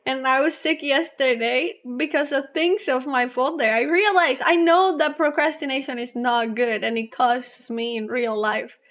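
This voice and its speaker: High-voiced young woman streamer rambling. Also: fairly even intonation, moderate pace, hardly any pauses, a bit bright. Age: young adult. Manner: rambling and chatty, with frequent laughs. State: low on energy. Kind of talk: casual livestream chat, reading chat aloud.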